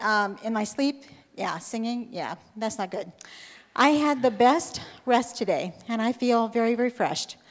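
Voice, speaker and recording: A woman reads her testimony to a church congregation. She sounds nervous and a little hesitant, and her voice sits slightly high. A long hall reverb rings behind every phrase. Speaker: church member giving a testimony. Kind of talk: reading a testimony aloud.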